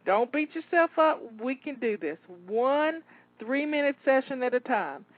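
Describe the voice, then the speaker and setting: With a high, expressive voice and a slightly slow pace, this home organizing coach cheers listeners on through a cleaning session, coaxing them along, repeating words, and sounding a bit out of breath. The motivational pep talk comes through on a dry, tinny, phone-like recording.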